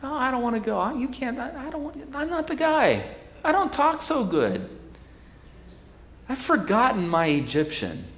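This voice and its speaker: A man's voice: very animated, moderate pace, fairly bright tone, heavily acted. A man preaching a sermon plays a reluctant Moses, stammering out excuses in a whiny voice. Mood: pleading. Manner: high-pitched, stammering, pleading.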